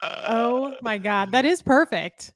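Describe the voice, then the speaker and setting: A woman from Kansas co-hosting a casual podcast, answering with dry, scolding banter and quick comebacks. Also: a little high, animated, dry recording. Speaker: podcast co-host. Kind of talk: casual chat.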